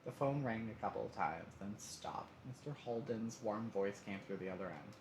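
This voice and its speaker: A man's voice: on the low side, animated, moderate pace, darkish tone, soft background music. Man narrating a story game with asides. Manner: reads aloud with asides and laughs. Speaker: streamer reading a story game. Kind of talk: live-streamed story narration. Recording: roomy echo, faint noise.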